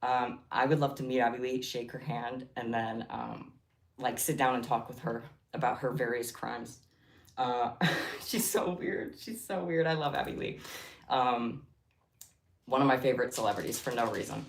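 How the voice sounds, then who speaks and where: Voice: medium pitch, normal speed, gravelly. A livestream host chatting casually while crafting, giggly and rambling off on tangents. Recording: roomy echo.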